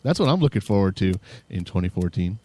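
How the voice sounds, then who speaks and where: Goofy, laughing man with a lively voice. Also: sits low, fast talker. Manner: goofy, jumps into mock radio-DJ and metalhead voices; swears freely, laughs a lot. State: tired. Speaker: podcast co-host. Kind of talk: casual banter.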